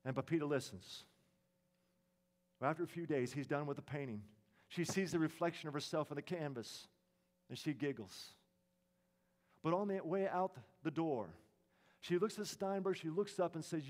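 A man preaching a sermon, telling a story dramatically and dropping to a hush at emotional moments. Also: fairly high pitch, lively intonation, moderate pace, long pauses.

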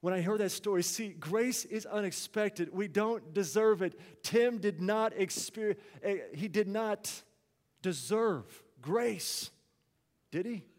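A man's voice: sits high, takes it slowly, big-room sound. A man preaching a sermon, telling a story in an earnest, conversational way.

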